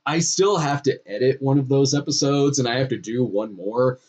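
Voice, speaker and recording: A man's voice: medium pitch, moderate pace, a little mellow. A man hosting a casual live-stream chat over a video call, rambling with many restarts. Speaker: host.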